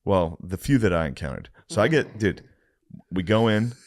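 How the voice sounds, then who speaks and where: A man's voice: sits low, very animated, moderate pace, no echo, studio quality. A man co-hosting a podcast, telling an exasperated, profane story in casual chat with bursts of laughter. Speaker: podcast co-host.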